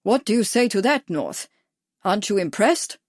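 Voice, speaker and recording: A woman voicing a stout older royal man with a gruff German accent, commanding and dry. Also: mid-range voice, very animated, normal speed, a little mellow, dry recording.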